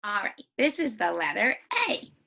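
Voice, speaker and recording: A woman teacher giving a recorded phonics lesson for children, sounding out vowels slowly and repeating each one with emphasis. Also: medium pitch, very animated, gravelly, pushed and bright.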